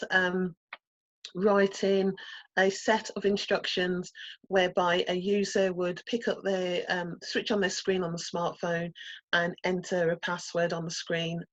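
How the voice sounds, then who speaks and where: A woman's voice: mid-range voice, no echo, muffled recording. A woman with a Birmingham accent teaching an introductory coding workshop over a video call, explaining terms with many "um"s and "okay?" checks. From Birmingham, England. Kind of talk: online teaching presentation.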